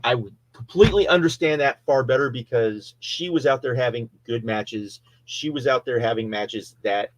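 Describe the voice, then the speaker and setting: A man's voice: mid-range voice, normal speed, hardly any pauses, low-quality recording. A man co-hosting a casual podcast debate, often stopping to restart and correct himself mid-thought. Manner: hesitant, restarts and self-corrects while arguing. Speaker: podcast co-host.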